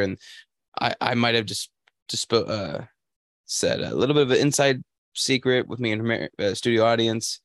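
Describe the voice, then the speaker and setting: A young man co-hosting a podcast, telling a story in casual chat with halting restarts. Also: fairly low pitch, dry recording, clean studio sound. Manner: storytelling, halting restarts, puts on voices for quotes. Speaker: podcast co-host.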